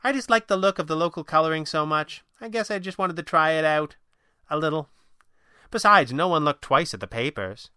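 A man reading an audiobook voices a quick-witted young woman thief in disguise, in a teasing, breezy manner. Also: on the high side, expressive, sharp tone, clear, resonant tone, no echo, studio quality, voice pushed up. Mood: playful. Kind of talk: audiobook narration.

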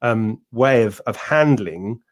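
A man's voice: medium pitch, animated, takes it slowly. Guy on a cricket podcast rambling through a story, lots of false starts, normal mid voice. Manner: rambling, with many restarts and asides. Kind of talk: casual anecdotal chat.

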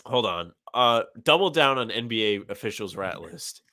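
A man's voice: medium pitch, expressive, normal speed, sharp tone, no room sound. Sarcastic man on a sports podcast. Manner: dry, wry sarcasm. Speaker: podcast co-host. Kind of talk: casual sports podcast chat. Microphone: remote call, muted at times.

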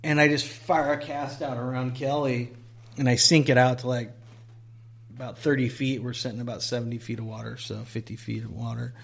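Brief: casual male storyteller, mid-pitched voice, loose and rambling with filler words and the odd curse. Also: flat delivery, brisk, vocal fry, breathy edge. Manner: rambling storyteller, lots of "like", swears, acts out quotes. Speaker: angler telling a story. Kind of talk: casual chat.

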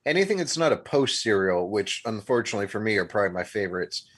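A man's voice: fairly low pitch, very animated, quick pace, slightly rough. A man co-hosting a podcast, chatting casually with blunt, profane opinions. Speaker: podcast co-host. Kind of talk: casual chat.

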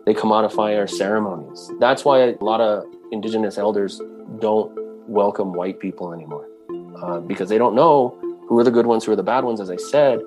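A man talking earnestly and conversationally, often restarting his sentences. His voice sits somewhat low, with an easy, spoken rhythm. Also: a little fast, a little mellow, soft background music. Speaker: speaker on indigenous culture. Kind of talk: casual talk.

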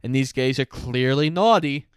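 A man's voice: mid-range voice, normal speed, clean tone, dry recording, studio quality. A man co-hosting a podcast, chiming in with wry asides while recapping a movie. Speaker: podcast co-host. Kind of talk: casual chat.

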